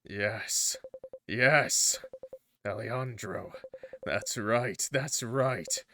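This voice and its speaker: A man casually commentating his gameplay, excitable, swearing and laughing often. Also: lowish voice, very slow, pauses often, slight background noise. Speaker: gaming YouTuber.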